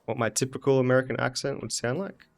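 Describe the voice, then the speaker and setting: A man's voice: medium pitch, fast. An Australian man streaming a game, muttering and thinking aloud as he plays in casual commentary.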